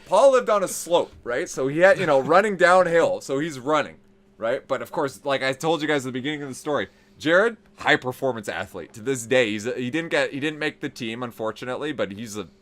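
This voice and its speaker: A man telling a story on a podcast in casual, profane style, growing animated as it builds. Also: mid-range voice, fairly quick. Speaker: podcast host.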